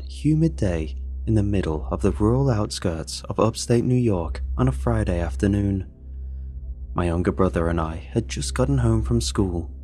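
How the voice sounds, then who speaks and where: Brief: low-voiced man, steady dry storytelling narration, faint music behind. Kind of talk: first-person story narration.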